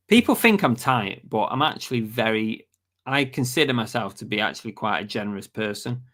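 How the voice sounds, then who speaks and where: A man's voice: medium pitch, fairly bright tone. A man with a British accent hosting a casual live stream, reading viewer comments aloud and chatting back, and saying he is losing his voice. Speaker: livestream host.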